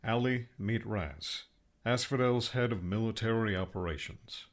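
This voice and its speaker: A man's voice: on the low side, a little slow, voice pushed up, natural voice. A man voicing a patient, fussy friend who explains things and mildly scolds. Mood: scolding.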